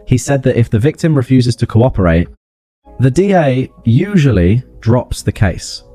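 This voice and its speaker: A man's voice: medium pitch, sing-song, moderate pace, warm tone, soft background music. A man voicing a frightened young woman who pleads and stammers on a jail phone call. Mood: pleading.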